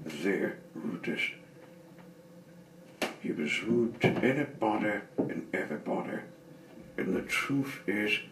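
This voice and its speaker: A man reading a children's story aloud with dramatic pauses and expressive delivery. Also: on the low side, a little hiss or hum. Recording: roomy, slightly distant mic.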